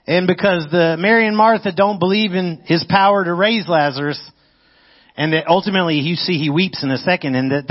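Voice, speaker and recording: A man preaching a sermon, swinging between loud excitement and hushed, intense moments. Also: fairly high pitch. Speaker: pastor. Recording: muffled lo-fi audio.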